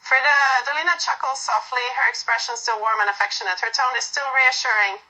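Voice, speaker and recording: A woman reading a second-person romance story aloud in a soft, unpolished way with fillers. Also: fairly high pitch, a little fast, rough recording. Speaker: story narrator.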